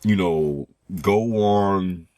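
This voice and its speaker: A young YouTuber with a very low voice talks to his viewers in a loose, slangy ramble full of fillers and restarts. He sounds sleepy. The sound is dry, with no room echo. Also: very slow, mellow. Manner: laid-back slangy talk. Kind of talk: casual vlog talk to viewers.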